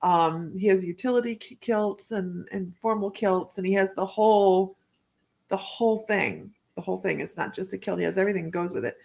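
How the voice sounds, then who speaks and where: A woman hosting a relaxed live stream from home, talking in a loose, rambling way. She laughs often and greets viewers by name as she reads their comments. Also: medium pitch, a little fast, vocal fry. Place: home, indoors.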